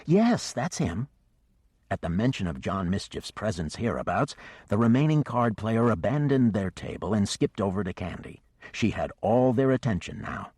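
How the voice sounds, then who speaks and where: A man with a lowish voice narrates a fantasy audiobook, with an animated, storytelling delivery. He sounds close to the mic in a dry, dead room. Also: moderate pace, slightly rough, no room sound. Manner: expressive storytelling. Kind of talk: scripted narration.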